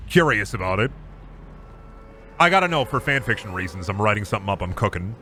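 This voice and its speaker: A man streaming a game, talking in a crude, goofy, rambling way and trash-talking the other players. His voice is bright and his pitch swings widely. A faint noise sits under the recording. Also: very animated, brisk, pauses often. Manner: trash-talks opponents. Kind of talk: casual gaming stream commentary.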